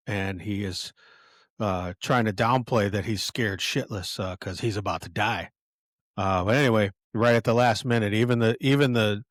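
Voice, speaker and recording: A man's voice: lowish voice, a bit bright, no echo, studio quality. An older man hosting a podcast, casually reading film quotes aloud and rambling through them with many fillers and restarts. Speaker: podcast host.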